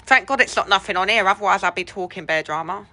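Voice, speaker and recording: A woman's voice: mid-range voice, quick pace, bright, forceful tone, no echo. A woman chatting casually with viewers on a livestream. She laughs often and swears casually. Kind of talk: casual chat with live viewers.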